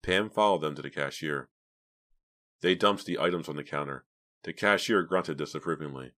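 A male audiobook narrator with an extremely deep voice. He tells the story at a steady, even pace in a scripted reading style. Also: moderate pace.

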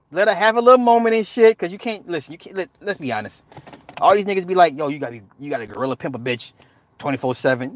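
A man with a fairly high voice riffs loosely with his stream chat, cursing freely, laughing easily and hammering his points with repetition. The sound is dull and lo-fi but very dry and close, with no room echo. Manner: profane, joking banter with frequent laughter; talks back to chat, repeats phrases for emphasis. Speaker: live streamer. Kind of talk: casual live-stream chat.

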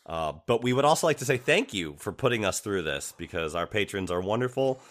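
Recording from home, this male podcast co-host keeps the casual chat loose, rambling, laughing a lot and letting sentences trail off. His voice sits lowish but swings widely in pitch, with a fairly bright tone and a slightly fast delivery.

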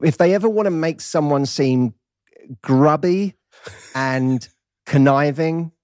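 A man's voice: fairly high pitch, slow pace, a little mellow, dry recording. Cockney guy from east london, chatty guest, chuckles a lot, dead dry sound. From East London, England. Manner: wry, laughs often while talking. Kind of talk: casual interview chat. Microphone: close studio mic.

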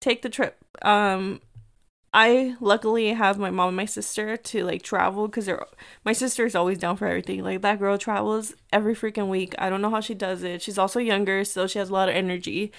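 A woman in her thirties from the United States chats through a story for her podcast. Her voice is smooth and clean, at a middle pitch. She talks in quick bursts and drops in Spanish phrases. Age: 30s. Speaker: podcast host. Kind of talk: casual chat.

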